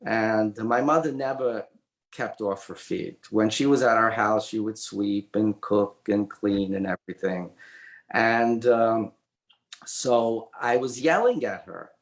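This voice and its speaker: An older man, an author and illustrator, telling a personal story as an interview guest in a halting way with many fillers and restarts. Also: mid-range voice. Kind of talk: conversational storytelling. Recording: roomy echoey audio.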